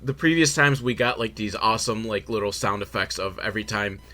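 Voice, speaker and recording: A man's voice: fairly low pitch, brisk, pushed and bright. A man giving a sarcastic, swearing comedy recap of a film and laughing at his own jokes. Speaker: movie recap host.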